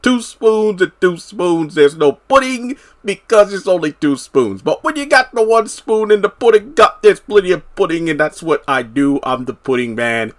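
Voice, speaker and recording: A boastful grown man, put on by a man, sits high above the speaker's own register. The delivery is silly and exaggerated, a comic bragging bit with a lively, bouncing pitch. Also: moderate pace, hardly any pauses.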